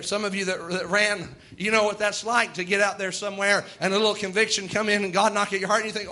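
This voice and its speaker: A man's voice: high voice, fast, hardly any pauses, pushed and bright. A male preacher, delivering a folksy sermon and voicing God and sinners in quoted asides.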